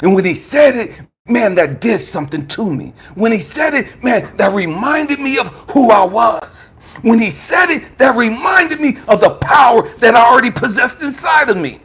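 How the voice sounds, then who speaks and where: A man, a spiritual coach, telling an impassioned testimony, swinging from hushed tones to shouting. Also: extremely high pitch, animated, moderate pace, slightly rough.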